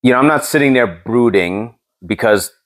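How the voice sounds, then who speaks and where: A man's voice: mid-range voice, expressive, moderate pace. A man hosting a podcast, telling a story in a joking, casual way. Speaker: podcast host.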